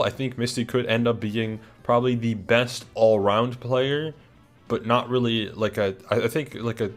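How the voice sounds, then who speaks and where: A young man with a lowish voice talks casually through a ranked list, chatty and unhurried in his own way. He hesitates often and restarts his sentences. Faint music plays quietly behind him. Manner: chatty, hesitant, many fillers and restarts, yawning. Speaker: video creator ranking players. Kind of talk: casual ranking commentary.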